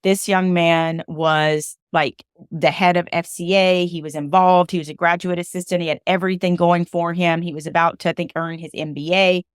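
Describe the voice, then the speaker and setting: Speaking at a moderate pace with hardly any pauses, this Southern US podcast host has a fairly low, flat, clean-toned voice. Her monologue is earnest and emotional, sometimes sounding like a preacher making an appeal, and the studio sound is clean with no room noise.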